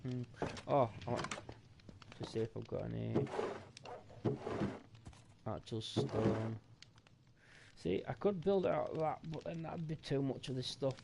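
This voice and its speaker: A tired, sleepy gaming streamer thinks aloud while playing a building game, rambling and musing in casual commentary. His medium-pitched voice is gravelly, fairly even, and a little slow with frequent pauses, over heavy background noise and background music.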